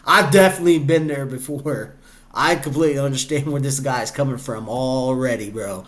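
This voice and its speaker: A man's voice: mid-range voice, normal speed, fairly bright tone. A young man hosting a reaction video, talking casually and chattily, and laughing often. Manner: chatty, laughs often, acts out quoted voices.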